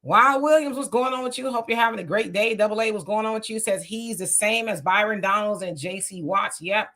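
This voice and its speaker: A woman hosting a casual livestream, greeting viewers by name and reading their comments aloud with quick agreement. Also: mid-range voice, bright, forceful tone.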